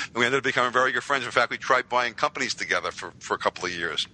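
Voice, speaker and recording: Lively bright-voiced New man. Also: medium pitch, fast talker, poor audio. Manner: lively, animated retelling with voiced quotes. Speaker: guest. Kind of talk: casual storytelling.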